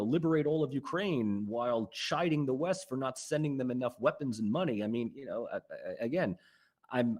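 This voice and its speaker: A man, a political science lecturer, answering interview questions at length with animated, emphatic stress. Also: breathy edge. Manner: animated, emphatic rises in pitch and loudness.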